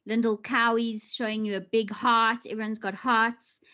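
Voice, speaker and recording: A woman's voice: a little high, flat delivery, moderate pace, sharp tone, muffled recording. A woman hosting a live-streamed interview, reading viewer comments aloud in an emotional way. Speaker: host.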